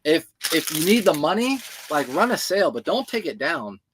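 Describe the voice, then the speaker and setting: Man, high-pitched voice, casual livestream host, chatty, answering viewer comments, clothing reseller. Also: very animated, normal speed, noisy background.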